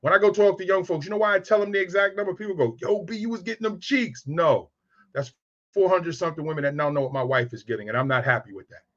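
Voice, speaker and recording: A man's voice: on the high side, fast, fairly bright tone, muffled recording. A man in his fifties telling frank, streetwise stories about raising boys. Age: 50s. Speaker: speaker on raising sons. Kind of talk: candid storytelling talk.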